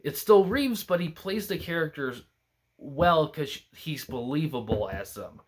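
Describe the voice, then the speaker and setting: A man's voice: a little high, lively intonation, a little slow, breathy edge. A young man hosting a casual film review, talking alone and rambling through many restarts and fillers. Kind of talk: casual solo film commentary.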